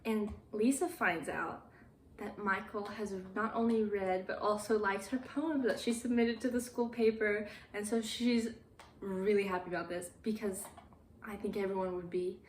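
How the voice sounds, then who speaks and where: A young woman casually retelling a movie plot, chatty and laughing often, dropping to a hush when she quotes characters. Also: medium pitch, fairly even intonation, moderate pace, reverberant, slight background noise. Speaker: movie recap vlogger.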